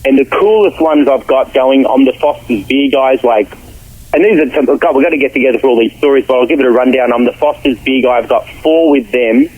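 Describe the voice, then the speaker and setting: A man, a radio guest telling animated stories in slangy talk over the phone. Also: medium pitch, fairly quick, slightly rough. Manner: animated, acts out quotes, slangy. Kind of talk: storytelling in a radio interview. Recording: phone line.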